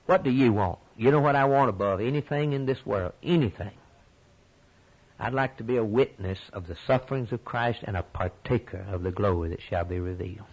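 A man preaching a sermon with passion, dropping low and quiet, then rising high and loud on key points, often repeating words. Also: fairly quick, slightly rough, rough recording. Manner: repeats words when stirred.

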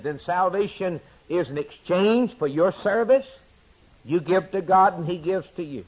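A man preaching a sermon, swinging between loud emphatic declarations and hushed, quiet asides. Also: high voice, a little slow, slightly rough, poor audio.

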